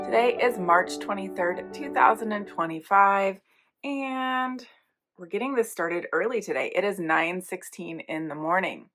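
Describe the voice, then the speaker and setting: A woman hosting a casual knitting podcast, her voice gravelly and hoarse as she recovers from an illness, chatting along with plenty of ums. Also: mid-range voice, expressive, measured pace, over music. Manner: chatty, rambling, many ums. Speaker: podcast host.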